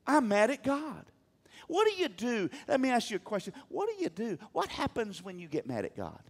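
High, lively-voiced male preacher. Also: moderate pace. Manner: emphatic, calls on the congregation to respond. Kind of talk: sermon.

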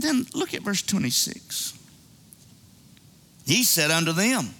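A man's voice: sits high, huge pitch swings, measured pace, pauses often, pushed and bright. A man preaching a sermon in a conversational way, calling out to the congregation. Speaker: pastor.

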